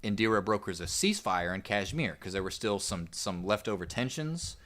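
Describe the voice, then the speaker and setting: A man with a notably deep, low voice walks through history in an easygoing, rambling manner. He co-hosts a casual podcast and leans on fillers as he talks. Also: a little fast. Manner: relaxed, rambling storyteller with fillers. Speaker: podcast co-host.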